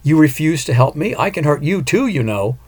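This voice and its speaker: A man's voice: fairly high pitch, sing-song, a little fast, a little mellow, breathy edge, pitched above the performer's own voice. A man voicing a vengeful female ghost who talks curtly and impatiently, in an audiobook. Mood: angry. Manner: curt, impatient, demanding. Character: angry vengeful female ghost, young woman.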